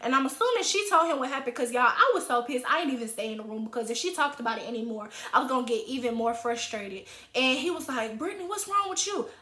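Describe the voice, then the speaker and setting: A young woman in her twenties telling a story in a casual vlog, animated and dramatic, with acted quotes. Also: a little high, fast talker, few pauses. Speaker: vlogger. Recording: roomy echo.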